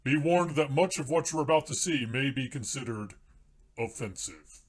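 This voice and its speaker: Comedy sketch: man doing a stiff, deadpan newsman, mid-pitched and formal. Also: moderate pace, slightly rough. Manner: formal, deadpan newsreader delivery. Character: pompous male TV news anchor. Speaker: news anchor.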